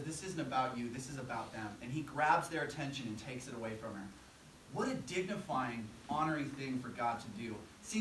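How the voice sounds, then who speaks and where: Young male preacher, earnest, conversational, bright forceful tone, echoey room, from a distance. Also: a little high, slight background noise. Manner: earnest, conversational, with acted-out quotes. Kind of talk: sermon.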